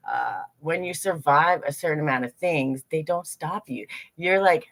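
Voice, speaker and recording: Woman, slightly low voice, lively teacher, acts out her inner voices, live group talk. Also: moderate pace, hardly any pauses.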